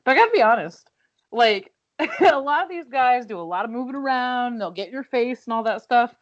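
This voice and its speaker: A woman's voice: fairly high pitch, animated, fairly quick, dry recording, lo-fi sound. A woman co-hosting a casual podcast chat, talking chattily with laughing asides. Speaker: podcast co-host.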